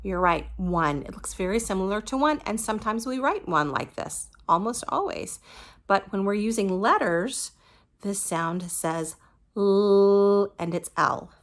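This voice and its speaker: A woman's voice: medium pitch, animated, normal speed, a bit bright. A woman teaching a phonics lesson to young children, patiently modeling each letter sound and praising the listener.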